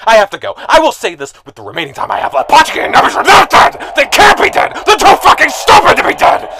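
A man playing an angry, foul-mouthed prison inmate ranting and shouting on a collect call, over loud crowd noise. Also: high voice, huge pitch swings, very fast, gravelly, exaggerated voice. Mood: furious.

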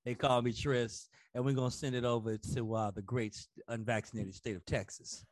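A man's voice: mid-range voice, fairly even intonation, a little fast, no echo. A young man co-hosting a podcast in a casual, playful way, joking and swearing freely. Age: young adult. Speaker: podcast co-host.

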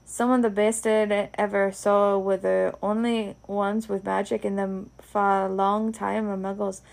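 A woman's voice: mid-range voice, little pitch movement, unhurried, creaky, darkish tone. A woman with a Scottish accent reading the lines of a big, kindly male groundskeeper giant in a rambling, homely way. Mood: explaining. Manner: rambling, homely Scots speech.

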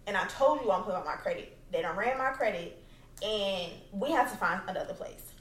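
A woman's voice: medium pitch, expressive, brisk, distant mic. A young adult woman hosting a podcast, telling a personal story in a blunt, profane and emphatic way at home. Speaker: podcast host. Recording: roomy, away from the mic.

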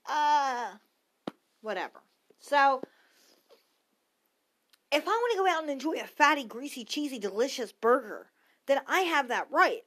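A woman's voice: high voice, big pitch swings, measured pace, pauses often, a bit bright. A woman in her thirties hosting her own podcast, ranting casually and bluntly, swearing freely and wandering off into asides. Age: 30s. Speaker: podcast host. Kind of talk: casual opinion rant.

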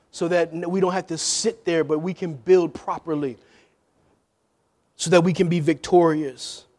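A man. He drops to near-whispered asides, then climbs into loud, shouted calls to the church. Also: high voice. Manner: call-and-response preaching, swinging from hushed to shouting. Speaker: pastor. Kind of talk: sermon.

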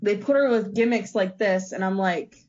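A woman's voice: mid-range voice, normal speed, a little mellow, a little hiss or hum. A woman in casual chat who talks hesitantly, with many restarts and fillers. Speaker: co-host discussing wrestling. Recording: dull lo-fi recording.

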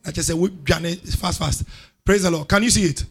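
A man, a pastor preaching a sermon with call-and-response to his congregation and loud exhortations. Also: high voice, fast, slightly rough.

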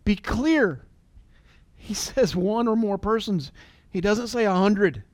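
A man in his forties giving an earnest, emotional motivational talk, at times dropping to a soft near-whisper. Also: high voice, slow pace, no room sound. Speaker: business leader and motivational speaker.

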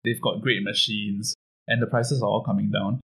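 A young man with a Singaporean English accent, calmly explaining things as a guest in a casual podcast conversation. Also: lowish voice, normal speed, breathy edge, poor audio. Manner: relaxed, explanatory, laughs easily. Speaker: lawyer and coffee machine seller, guest.

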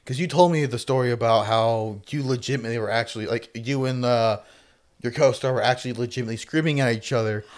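A man's voice: medium pitch, fast talker. A man co-hosting a podcast, chatting casually and rambling through his explanations. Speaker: podcast co-host. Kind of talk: casual chat about acting.

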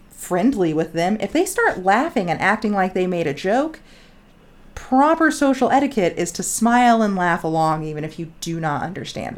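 A woman co-hosting a laid-back podcast, her voice sitting a little low for a woman. She rambles in a chatty way, drifting into tangents and sprinkling in "like". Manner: rambling and chatty, often says "like". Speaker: podcast co-host. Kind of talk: casual podcast chat.

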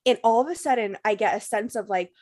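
A woman's voice: medium pitch, quick pace, a little mellow. A young woman telling a story in a casual chat, swearing freely and filling her talk with "like". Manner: profane, breathless storytelling full of "like" fillers.

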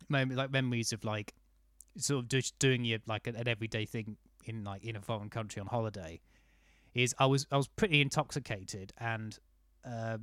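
A man's voice: mid-range voice, a bit bright, no echo, clean studio sound. A man in casual chat, telling rambling anecdotes full of fillers and restarts.

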